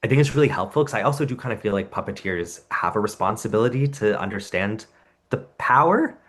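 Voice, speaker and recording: A man with a very low voice speaks as a guest on a relaxed podcast. He talks thoughtfully, telling stories and acting out short exchanges as he goes. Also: fast, slightly rough. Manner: thoughtful storyteller, acts out anecdotes. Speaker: professional puppeteer, podcast guest. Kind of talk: casual interview chat.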